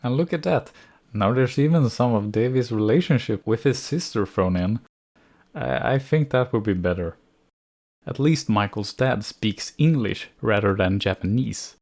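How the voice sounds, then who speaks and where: A man reads through a scripted review of an animated series at a mid-range pitch. His delivery is sardonic and picky, and he often sounds exasperated at the plot holes. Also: normal speed. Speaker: anime reviewer.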